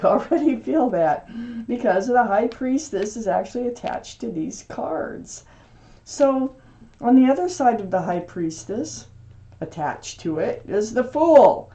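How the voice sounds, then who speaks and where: Soft-toned woman giving a tarot reading. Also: on the high side. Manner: halting, with frequent ums and restarts; gentle, reassuring, speaks directly to the viewer. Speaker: tarot reader. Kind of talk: casual tarot reading to camera.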